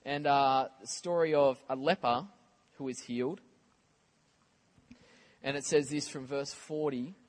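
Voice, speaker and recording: A man delivers a sermon in a conversational, lively style, tossing casual asides to the congregation. His voice is medium-pitched and a little slow, with frequent pauses.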